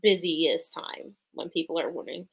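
A woman's voice: low-pitched, normal speed, gravelly, slightly rough, poor audio. Easygoing woman chatting on a podcast. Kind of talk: casual chat.

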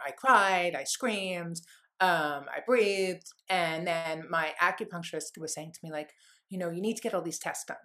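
Her pitch sits fairly low and her tone is fairly bright as she opens up in an interview. The woman's candid story wanders earnestly, peppered heavily with "like," and it comes across as sincere.

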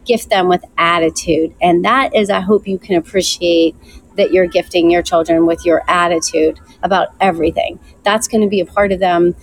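A woman's voice: on the low side, steady tone, normal speed, no room sound. A woman hosting a casual chat, affirming and encouraging her guest.

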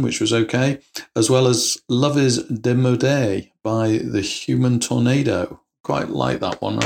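English guy talking through albums, kinda gravelly, stops and restarts a lot. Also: mid-range voice, darkish tone. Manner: measured, with hesitations and restarts. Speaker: guest reviewer. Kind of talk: casual album review.

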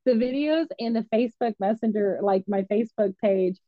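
A woman counselor in her thirties telling her story in a candid, lively, casual way, often acting out what others said. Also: on the high side, a little fast, dry recording. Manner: lively, candid, acts out quoted voices. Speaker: licensed mental health counselor. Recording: dry, slightly dull sound.

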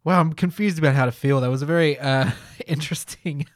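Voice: medium pitch, brisk. Amused moderator of a comedy debate. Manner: amused, giggly. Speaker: host.

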